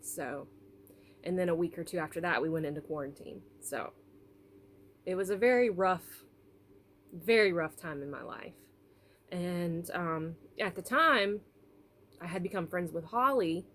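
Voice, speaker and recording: A woman's voice: on the low side, a bit bright. Tearful woman telling a personal story. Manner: emotional, apologetic, halting with fillers. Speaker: doll collector vlogger.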